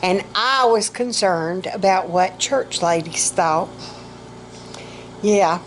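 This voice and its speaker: A woman's voice: medium pitch, slow pace, a little hiss or hum, poor audio. A middle-aged woman, vlogging casually about her health, rambling and self-mocking, and short of breath.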